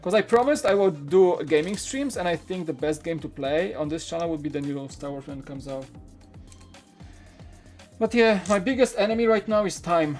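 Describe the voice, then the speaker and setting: A man's voice: on the high side, moderate pace, a little mellow, soft background music. A man hosting a toy-building live stream, chatting casually and candidly while answering viewer questions in a rambling way. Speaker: Lego channel host.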